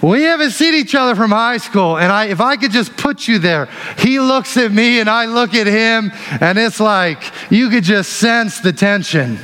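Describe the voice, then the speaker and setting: Guy pastor preaching, goes loud then hushed, slightly high voice, long church reverb. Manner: animated storytelling, swings between loud and hushed. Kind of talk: sermon.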